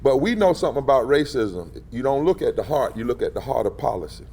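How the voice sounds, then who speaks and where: A man's voice: mid-range voice, sing-song, fast talker, dark tone, breathy edge. A man, speaking as a civil rights leader at a press event, in a rhythmic, emphatic preacher style that swells on key phrases. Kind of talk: impassioned preacher-style public address. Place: indoor press gathering.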